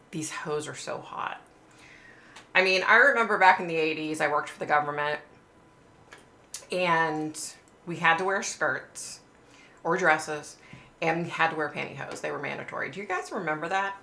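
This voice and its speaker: A middle-aged woman chats with her livestream viewers in a loose, rambling way, swearing freely and dropping "like" everywhere. Her voice sits low with a gravelly fry and a bright, sharp edge. The sound bounces around an echoey room. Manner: rambling, chatty, swears freely, peppers speech with "like". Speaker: psychic livestream host. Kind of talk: casual livestream chat with viewers.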